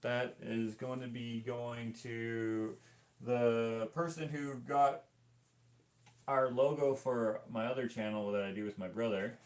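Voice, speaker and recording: A man's voice: medium pitch, fairly even intonation, slow. A man from Canada painting on a live stream, reading viewer comments aloud and chatting in a rambling, easygoing way that keeps interrupting itself.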